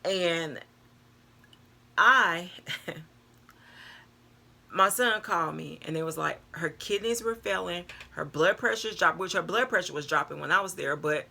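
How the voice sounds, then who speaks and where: An older woman, telling a personal story to her viewers in a chatty, animated way, calling them girl and y'all. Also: fairly low pitch, unhurried, creaky, long pauses. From North Carolina, US. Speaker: vlogger. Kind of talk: casual storytelling to camera.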